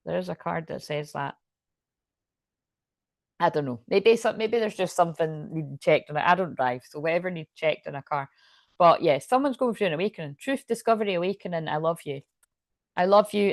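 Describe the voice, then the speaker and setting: A woman's voice: lowish voice, expressive, fairly quick, dry recording. A woman with a Scottish accent giving a rambling, chatty tarot reading, swearing freely and laughing often. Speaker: tarot reader. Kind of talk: casual tarot reading to camera.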